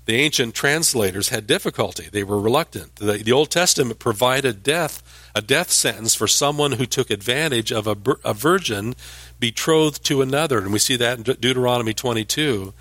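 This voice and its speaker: A man's voice: mid-range voice, a little fast, fairly bright tone, no room sound. A man teaching scripture verse by verse. He explains as he goes, restarting some words and lifting his voice for emphasis. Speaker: Bible teacher.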